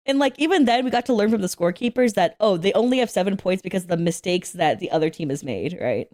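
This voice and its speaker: A young woman hosting an anime reaction, talking casually, swearing freely and shouting at the screen in excitement. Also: mid-range voice, fast talker.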